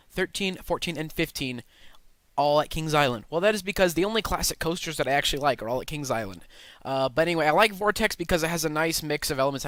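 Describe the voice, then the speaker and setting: An eager young man runs through a casual countdown, rambling and restarting his sentences. His voice sits a bit high for a man and sounds smooth and crisp. It is recorded dry and close to the mic. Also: fairly bright tone, no echo. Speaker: channel host ranking roller coasters.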